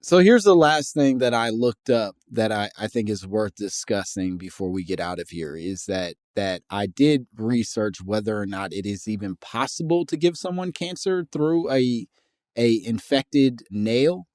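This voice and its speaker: A man from Indiana co-hosting a comedy podcast, laying out his research in a relaxed, wry way. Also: lowish voice, a little slow, dry recording, clean studio sound. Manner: laid-back, wry, researched explanations. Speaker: podcast co-host. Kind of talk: casual comedic podcast chat.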